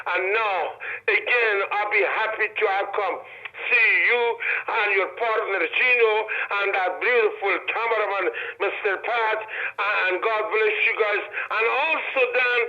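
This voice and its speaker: An older man calls in over a dull, lo-fi phone line. His voice sits high, and his broken English is warm with gushing thanks and blessings. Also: unhurried. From Iran. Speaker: phone-in guest, retired wrestler. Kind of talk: phone interview. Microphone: telephone.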